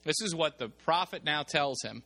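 A male preacher giving a lively sermon, reading scripture and explaining it while acting out the people in the story. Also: fairly high pitch, normal speed, vocal fry. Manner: animated, acts out the people in the story. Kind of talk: sermon with Bible reading and commentary.

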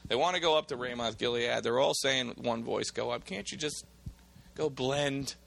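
A preacher murmuring as a hushed pleading servant. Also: male voice, normal speed, gravelly. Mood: coaxing. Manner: low, coaxing, hushed.

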